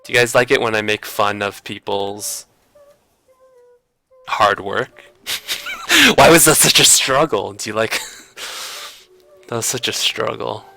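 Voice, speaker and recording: A man's voice: fairly low pitch, very animated, slow pace, creaky, long pauses, sharp tone, slight background noise. A man chatting casually on a livestream while he critiques and redraws art, joking with mock outrage and mocking himself. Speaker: art streamer giving drawing critiques.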